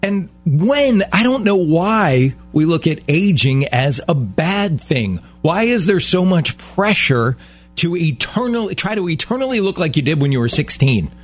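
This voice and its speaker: A middle-aged man co-hosting a relaxed chat, speaking in a somewhat high voice with lively emphasis. He sounds playful and direct, and a faint bed of music plays behind him. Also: unhurried. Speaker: radio co-host. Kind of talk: casual chat.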